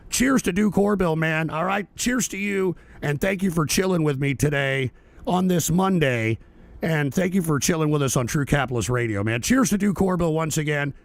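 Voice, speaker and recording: A high-voiced male livestream host who rants with wild swings in pitch, swearing and shouting at his audience. His voice is gravelly, recorded close and dry. He breaks off the tirade to thank viewers for their donations. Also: dry recording. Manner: profane, shouting, sarcastic rant; reads viewer donations aloud. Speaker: political talk show host. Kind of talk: livestream rant.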